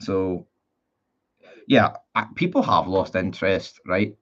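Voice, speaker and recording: A man's voice: deep voice, expressive, slow pace. A man in his twenties with a Northern Irish accent, chatting casually on a live stream and reading out viewer comments in a blunt, rambling way with casual swearing. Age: 20s. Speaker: football fan streamer. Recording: dull lo-fi sound.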